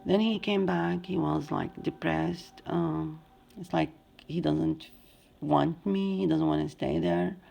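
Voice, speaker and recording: Gravelly woman with an Arabic accent. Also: deep voice, mellow. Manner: plain, halting non-native English. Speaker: survivor telling her story. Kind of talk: personal testimony.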